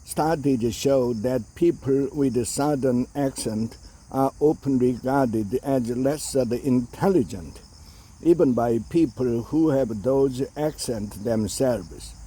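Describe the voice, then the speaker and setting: A man reading an opinion essay aloud in a measured way, with the odd hesitation. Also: mid-range voice, mellow, breathy edge.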